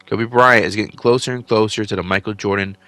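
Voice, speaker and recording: A man's voice: fairly low pitch, fairly even intonation, fast, fairly bright tone, no echo. A man casually commentating on a simulated basketball season, chatty and offhand, a little tired from a late night. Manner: chatty, offhand, enthusiastic asides. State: tired, yawning. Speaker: channel host narrating a simulated game season.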